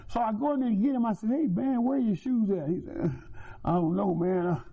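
A man's voice: high voice, brisk, slightly rough. A man giving a personal church testimony, telling a story with feeling, repeating himself and restarting phrases. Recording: tinny phone-like sound.

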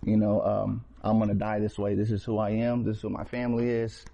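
A man's voice: lowish voice, monotone, fairly quick, vocal fry, warm tone. A man telling his personal faith testimony in casual storytelling, earnest, with street slang and frequent restarts. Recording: slightly dull lo-fi recording.

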